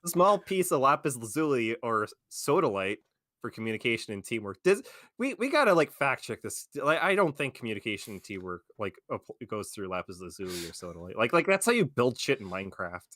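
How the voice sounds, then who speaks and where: Sarcastic, animated young man, crisp and close. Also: medium pitch, fairly quick, no room sound. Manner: sarcastic, swearing, animated ranting. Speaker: stream co-host. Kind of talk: casual stream commentary.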